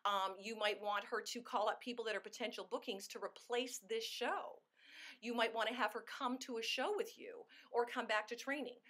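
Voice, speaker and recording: A woman's voice: a little high, steady tone, normal speed, fairly bright tone. A woman giving a sales coaching talk, emphatic and acting out sample phone calls. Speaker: sales team trainer.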